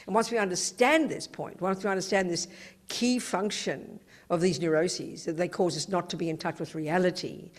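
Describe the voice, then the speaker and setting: A woman's voice: on the low side, moderate pace. A woman teaching Buddhism to an audience, talking in an emphatic, conversational way and often adding "you know". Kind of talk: dharma talk to an audience. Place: teaching hall.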